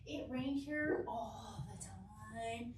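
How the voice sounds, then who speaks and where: A young woman from Southern California telling a lively, giggly personal story to a church youth group, acting out the quotes. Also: fairly high pitch, drawn-out words, far from the mic, background noise. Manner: animated, giggly, acts out quotes. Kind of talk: casual storytelling talk. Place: church hall. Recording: echoey hall, mic from afar.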